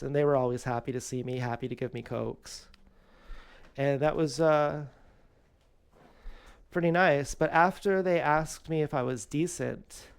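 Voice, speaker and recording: A man talks at home in a rambling personal vlog, his voice gravelly yet smooth and resonant. He drifts from thought to thought, candid and unpolished, with plenty of fillers and restarts. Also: mid-range voice. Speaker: vlogger. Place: home kitchen.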